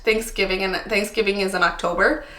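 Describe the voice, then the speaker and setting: A woman in her thirties from Canada talks casually to camera about her life, open and a little worn out, with plenty of ums and likes. Her voice sits at a middle pitch. The room around her gives a noticeable echo. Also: steady tone, brisk, sharp tone. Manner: chatty, frequent ums and likes, candid. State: tired, a little emotional. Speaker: vlogger. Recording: echoey room.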